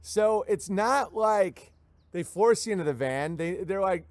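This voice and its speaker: A man's voice: sits high, lively intonation, measured pace, no echo. A man hosting a livestream show, ranting in a rambling comic way, reading viewer messages and acting out the voices he quotes. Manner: sardonic, acts out quoted voices mid-sentence. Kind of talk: rambling comedic rant.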